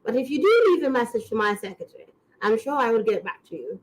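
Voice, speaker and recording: A woman's voice: a little high, sing-song, quick pace, rough recording. A woman voicing a gracious, posh elderly royal woman on a voicemail greeting, formal and overly polite.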